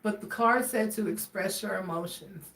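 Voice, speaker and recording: A woman's voice: medium pitch, moderate pace, distant mic. Chatty woman tarot reader, roomy sound. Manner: chatty and expressive, talking straight to viewers. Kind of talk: casual tarot reading. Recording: roomy sound from away from the mic.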